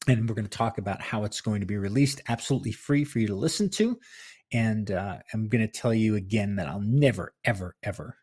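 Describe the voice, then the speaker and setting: Man, podcast host, husky voice, chatty, self-deprecating, home office, close mic. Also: on the low side, brisk, darkish tone. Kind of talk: casual solo podcast talk.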